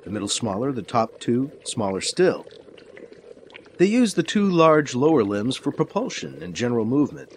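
A man narrating a science-fiction radio drama with a clear storytelling delivery. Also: mid-range voice, big pitch swings, moderate pace, a little hiss or hum.

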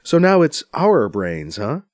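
A man voicing a grieving, sharp-tongued young woman scientist, in a high, strained and emotional voice. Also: wildly swooping pitch, slow, dry recording, clean studio sound. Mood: sarcastic.

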